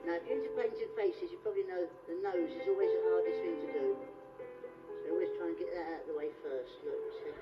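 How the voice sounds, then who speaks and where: A man's voice: quick pace, over loud music. A man, performing a cheeky, teasing live comedy routine with an audience volunteer on a theatre stage. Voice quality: squeaky high voice. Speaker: stand-up comedian. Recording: distant, muffled live theatre recording.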